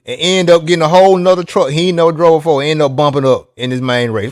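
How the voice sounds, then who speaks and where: A man chats casually, rambling and teasing and often restarting his sentences. His voice sits a little high for a man. The recording is dry and close, with no room sound. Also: fairly even intonation, fast talker, few pauses, no room sound. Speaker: RC racing vlogger. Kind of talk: casual chat.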